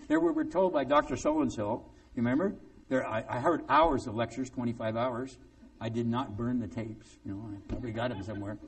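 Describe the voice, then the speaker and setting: Animated male preacher, off-mic. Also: medium pitch, creaky, recorded from a distance. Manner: animated, conversational, sarcastic asides. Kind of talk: sermon.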